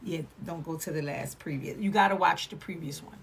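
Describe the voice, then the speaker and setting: A woman's voice: low voice, brisk, gravelly, slight background noise. A woman with a New York accent giving a casual tarot reading, meandering and restarting her sentences, often tagging them with "right?". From Puerto Rican, from Brooklyn and Philadelphia. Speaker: tarot reader.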